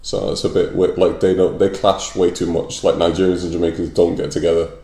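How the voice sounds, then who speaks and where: A man's voice: low voice, brisk, creaky. A man with a Northern English accent, a comedian joking as a podcast guest in casual chat. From North of England. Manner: joking, deadpan banter. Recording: roomy echo.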